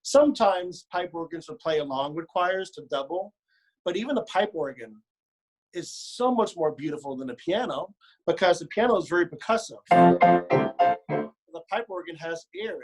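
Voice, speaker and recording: A man's voice: a little high, expressive, normal speed, loud music behind the voice. A man leading a choir rehearsal, coaching pronunciation and word stress, modeling phrases by speaking and singing them, with playful joking asides. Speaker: choir director. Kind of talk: choral rehearsal instruction.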